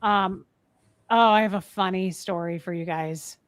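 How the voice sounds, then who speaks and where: A woman co-hosting a casual live stream, telling a story with animated energy and thanking viewers by name. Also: medium pitch, unhurried, clean tone, no echo.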